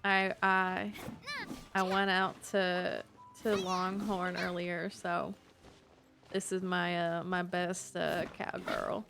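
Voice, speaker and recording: This is a woman putting on a country cowgirl voice, and the accent is deliberately rough and unconvincing. She talks slowly, with a gravelly edge, and keeps restarting her sentences. Faint music plays underneath. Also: fairly low pitch, little pitch movement. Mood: playful. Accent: put-on Southern US country. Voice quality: self-admittedly clumsy put-on twang, halting. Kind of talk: live stream chat in a put-on accent.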